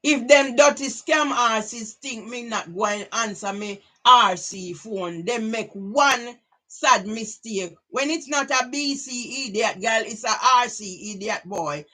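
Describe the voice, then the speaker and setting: A woman's voice: on the high side, slow pace, bright, forceful tone. A middle-aged woman from Jamaica with a Jamaican accent, delivering a rambling personal monologue and sliding between English and patois. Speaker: vlogger.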